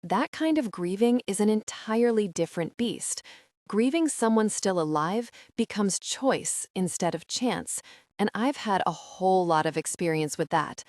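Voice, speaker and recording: A woman voicing a tender young man in an audiobook, speaking softly and a little breathily. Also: medium pitch, lively intonation, measured pace, no room sound, clean studio sound, close to an everyday voice. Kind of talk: audiobook narration.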